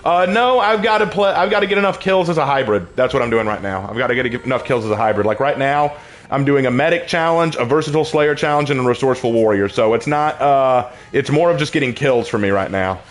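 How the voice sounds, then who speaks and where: A man's voice: mid-range voice, animated, fast. A man streaming a video game, chatting casually to his viewers, rambling and laughing often as he plays. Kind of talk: casual gameplay commentary.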